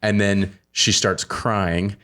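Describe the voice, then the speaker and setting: A man in his thirties with a very low voice hosts a podcast in casual conversation. He rambles from thought to thought with eager, animated energy, speaking into a podcast microphone. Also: takes it slowly, clean tone. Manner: excitable, rambling, animated storytelling. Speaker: podcast host. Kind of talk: casual chat.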